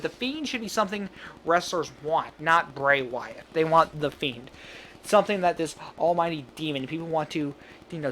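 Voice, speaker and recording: Rambling young-sounding man, high voice. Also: sharp tone, a little hiss or hum. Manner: rambling, laughs at own jokes, quick asides. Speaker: fantasy booking commentator. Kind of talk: casual solo commentary.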